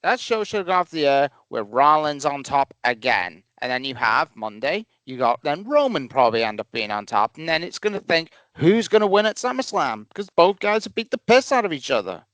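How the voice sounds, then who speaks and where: A man's voice: on the high side, big pitch swings, brisk, hardly any pauses, a bit bright, dry recording. A man co-hosting a wrestling podcast, complaining in an exasperated way. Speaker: podcast co-host. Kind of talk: casual chat.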